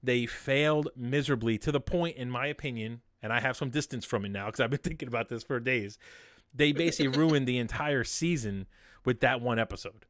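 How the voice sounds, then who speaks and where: A man co-hosting a casual podcast chat, ranting in an animated, sarcastic way. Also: mid-range voice, fairly quick, no room sound, studio quality. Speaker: podcast co-host.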